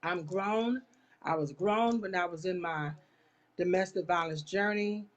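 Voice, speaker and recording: A woman's voice: on the low side, measured pace, dull audio, slight background noise. A woman hosting a live online talk show, speaking straight to her viewers in an impassioned, churchy way. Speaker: live-stream host. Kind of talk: casual live chat.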